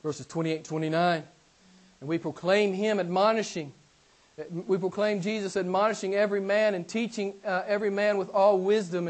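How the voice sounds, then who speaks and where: A high-pitched man delivers a sermon as a pastor, pressing his points home by saying them again and again. He calls his hearers beloved and questions them directly, his level rising to loud emphasis and then dropping to near-hushed asides. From United States. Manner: emphatic, repeats key phrases, swings between loud and soft; addresses listeners as beloved, asks them questions.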